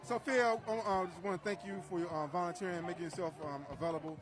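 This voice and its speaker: A man reporting live from a street protest, earnest and speechlike, with filler pauses. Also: sits high, steady tone. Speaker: livestream reporter. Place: outdoor city street protest. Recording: live outdoor stream amid a crowd. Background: crowd.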